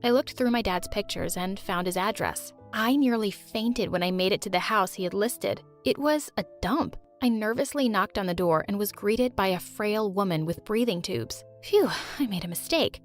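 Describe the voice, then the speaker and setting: A young woman narrating a first-person animated story in a lively, expressive way. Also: medium pitch, moderate pace, few pauses. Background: faint music.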